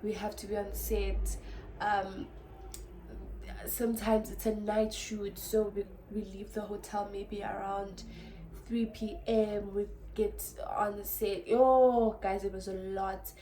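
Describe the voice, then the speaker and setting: A young South African woman with a Xhosa background telling a story in a casual vlog, chatty and animated, switching between languages as she talks. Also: mid-range voice, slow pace, roomy sound, a little hiss or hum, low-quality recording. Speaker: vlogger.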